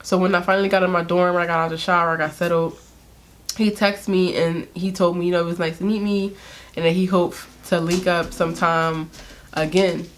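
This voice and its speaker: Candid young woman with a low voice. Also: flat delivery, a little fast. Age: young adult. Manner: candid, sarcastic, laughs often, slangy. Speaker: beauty vlogger telling a story. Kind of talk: casual storytime chat.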